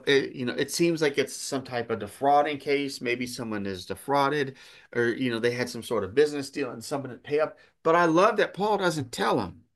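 A man's voice: fairly high pitch, a bit bright. A man preaching a sermon earnestly, repeating phrases and restarting sentences as he works through a text. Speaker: pastor.

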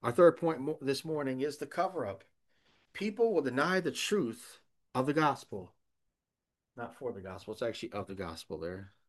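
A man's voice: medium pitch, expressive, moderate pace. A man pastor preaching a sermon, earnest and emphatic, asking rhetorical questions.

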